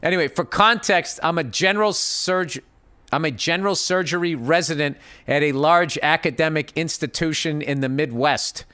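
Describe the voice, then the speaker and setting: Profane, self-mocking Boston comedian. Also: male voice, fairly high pitch, normal speed, clean tone. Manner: profane, self-mocking, bursts into frustrated yelling. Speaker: comedian podcast host. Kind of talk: casual comedic advice rant.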